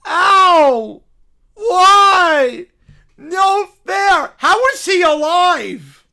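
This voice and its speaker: A woman's voice: animated, extremely slow, pushed and bright, full character voice. A woman voicing a whiny, spoiled bratty girl who whines and makes demands in a video clip. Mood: whining. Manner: shrill, whining, demanding.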